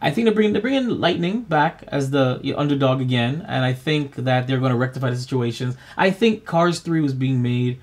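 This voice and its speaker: Playful male podcast co-host. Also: mid-range voice. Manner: playful, quick storytelling. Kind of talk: casual podcast chat.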